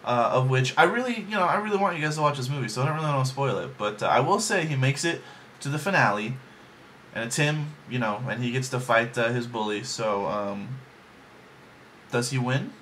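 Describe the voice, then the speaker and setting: A man's voice: mid-range voice, brisk, a bit bright, a little hiss or hum. A man giving a casual, rambling movie review from his bedroom, joking along with plenty of ums and likes. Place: home bedroom.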